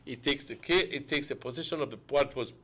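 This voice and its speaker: A man's voice: medium pitch, quick pace, fairly bright tone. A man, a guest on a morning talk show, arguing emphatically and repeating words for stress. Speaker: guest commentator.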